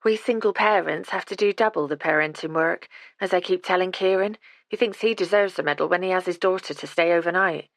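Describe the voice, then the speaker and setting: Woman doing a breathy flirtatious single mum. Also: lowish voice, a little fast, no room sound, close to an everyday voice. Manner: coaxing, playful.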